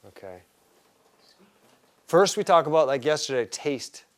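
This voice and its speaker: A man's voice: a little high, lively intonation, measured pace. A man teaching a live herbalism class, talking casually and with enthusiasm, and quizzing his students.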